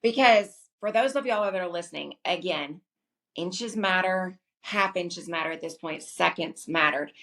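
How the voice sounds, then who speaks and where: Low-voiced woman on a podcast. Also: moderate pace, creaky, a bit bright. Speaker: podcast co-host. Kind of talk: casual storytelling chat.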